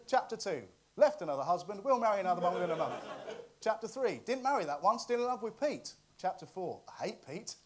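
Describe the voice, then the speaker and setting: A man's voice: sits high, very animated, a little fast, noisy background. A man hosting a comic news monologue, cheeky and often laughing at his own jokes. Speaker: comedy show host.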